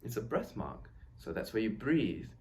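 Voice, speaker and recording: Here a man teaches violin step by step, counting beats and offering patient, encouraging explanations. His voice is fairly low and darkish, moving at a moderate pace with big pitch swings. The tone is reassuring; a violin plays amid slight background noise.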